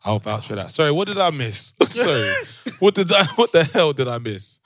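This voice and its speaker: A man's voice: on the high side, sing-song, normal speed, a bit bright, no room sound. A man with a London accent co-hosting a podcast, teasing in casual banter and laughing often. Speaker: podcast co-host.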